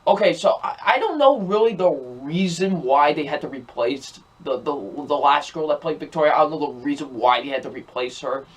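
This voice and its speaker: A man's voice: on the high side, normal speed, hardly any pauses. A young man giving a ranting, repetitive movie review, sounding exasperated as he keeps circling back to the same complaints. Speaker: film reviewer.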